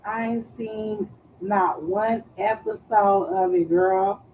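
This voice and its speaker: A woman chatting casually on a live stream, loud and playful, swearing freely and trailing off as she searches for words. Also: mid-range voice, fairly even intonation, slow pace, slight background noise, poor audio.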